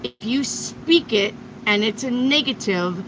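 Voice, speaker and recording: A woman's voice: a little high, lively intonation, unhurried, background noise. A woman giving a live tarot reading to viewers, blunt and emphatic, with frequent swearing. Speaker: tarot reader.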